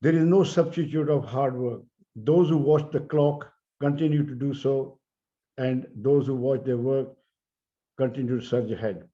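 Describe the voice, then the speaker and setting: An older man with an Indian English accent giving an earnest, measured conference speech, stressing key words. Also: medium pitch, warm tone. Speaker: keynote speaker. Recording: dull lo-fi audio.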